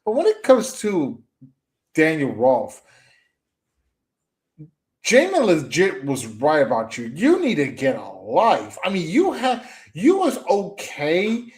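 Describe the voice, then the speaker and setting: On a commentary stream, a young man rants in a high voice that swoops all over the place. He trash-talks with mocking jabs and "moo" noises, stumbles over restarts, and keeps circling back to the same phrases in his call-out commentary.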